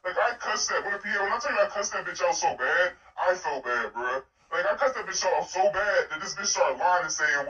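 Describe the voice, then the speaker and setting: A man's voice: high voice, brisk, hardly any pauses. A young man telling a messy breakup story in a profane, exasperated casual rant. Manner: profane, exasperated, animated retelling. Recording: distant, echoey, muffled voice message.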